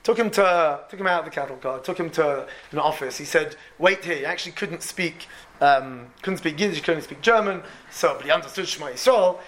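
Male preacher, high voice, lively storyteller who acts out his characters. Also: brisk, a little hiss or hum. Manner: animated, repeats words, voices the people in the story. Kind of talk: storytelling sermon.

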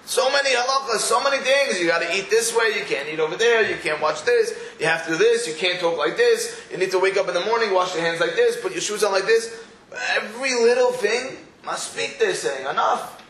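Brief: high-voiced man teaching a Torah class, lively storytelling, echoey room with faint noise. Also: brisk. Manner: animated storytelling with quoted voices. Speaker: rabbi.

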